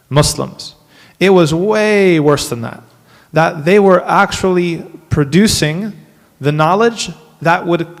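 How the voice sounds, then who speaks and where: Animated lecturing man in a reverberant hall. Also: high voice. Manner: animated, wry asides to the audience. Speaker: imam giving a workshop. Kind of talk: lecture to a live audience. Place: mosque hall.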